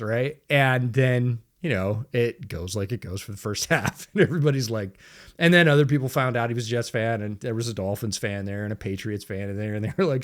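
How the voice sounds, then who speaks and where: A man's voice: mid-range voice, brisk. Laughing, storytelling male podcast co-host. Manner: storytelling, animated, laughs often. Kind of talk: casual sports chat. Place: home studio.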